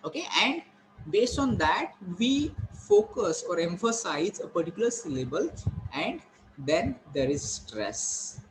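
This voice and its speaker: A man's voice: high-pitched, big pitch swings, a little hiss or hum, poor audio. Indian man teaching English pronunciation. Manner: explains step by step, repeats key points, slows to stress words. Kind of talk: classroom lecture on pronunciation.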